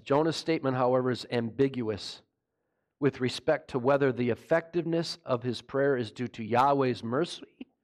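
Animated man preaching a sermon. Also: mid-range voice. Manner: animated, mocking, rhetorical questions. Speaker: pastor.

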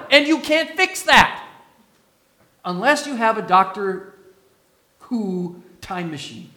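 A man's voice: extremely high pitch, pushed and bright. A man preaching a sermon as pastor, emphatic, putting questions to the congregation.

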